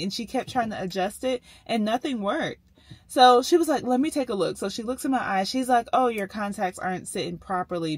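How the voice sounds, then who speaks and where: A woman's voice: mid-range voice, slightly rough. A woman, chatting casually to viewers in a vlog with lots of fillers and "y'all". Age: 30s. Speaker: vlogger.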